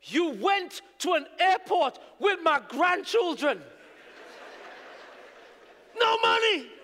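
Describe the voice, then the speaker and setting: A man's voice: very high voice, very animated, slow pace, bright, forceful tone, pitched above the performer's own voice, exaggerated voice. A male preacher voicing his exasperated mother scolding him in a sermon story. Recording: echoey hall reverb.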